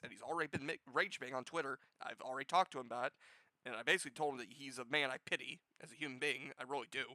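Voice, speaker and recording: A man hosting a gaming news show with casual commentary, profane and sarcastic, jumping from loud outbursts to low muttering. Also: no room sound, poor audio.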